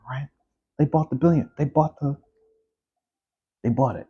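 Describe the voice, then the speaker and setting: A man's voice: on the high side, steady tone, unhurried, long pauses, mellow, breathy edge, dull audio. A man hosting his own show, ranting in a casual commentary monologue with many restarts and asides. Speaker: podcast host.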